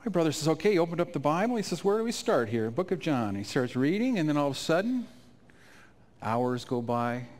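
A man telling an emotional personal testimony in a sermon at a conference, his voice climbing high and loud at the peaks. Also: big pitch swings, fast talker, few pauses. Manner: emotional storytelling, rising to near-shouts at climaxes. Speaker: conference speaker. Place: conference stage.

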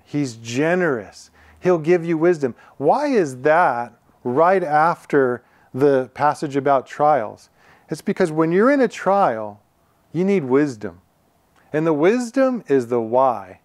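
A man's voice: a little high, expressive, slow, a little mellow, no echo. A man preaching a conversational sermon as pastor, earnest and chatty, often asking the congregation rhetorical questions.

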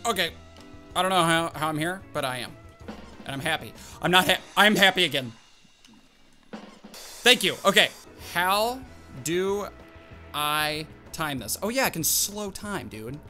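Young guy gaming, high bright voice, bouncing all over, music faintly behind. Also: measured pace, long pauses. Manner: animated, exclaims and laughs at the game. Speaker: gaming YouTuber. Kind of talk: excited gameplay commentary.

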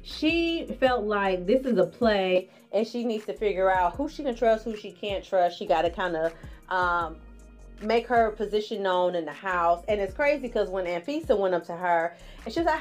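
A woman vlogger recapping in a casual, sassy manner. Her voice rises and falls with lively, animated pitch. Faint music plays softly behind her. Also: moderate pace. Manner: sassy, expressive, laughs often, acts out quotes in exaggerated voices. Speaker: vlogger recapping a reality show.

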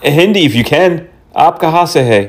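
A man's voice: a little high, expressive, moderate pace. A man running a prank phone call on a scammer, teasing and mocking him while playing fake-naive. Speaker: scam-baiting prankster host.

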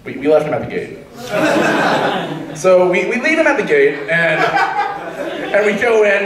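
A man's voice: high voice, sing-song, a little slow, roomy sound, far from the mic, over a noisy crowd, poor audio. A man in his twenties telling a rambling stand-up story on a comedy stage, laughing at his own jokes.

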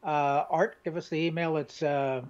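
A man's voice: on the high side, steady tone, normal speed, darkish tone, smooth. A man co-hosting a casual chat in an easygoing, agreeable way. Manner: easygoing, laughs along. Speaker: co-host. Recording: dull lo-fi sound.

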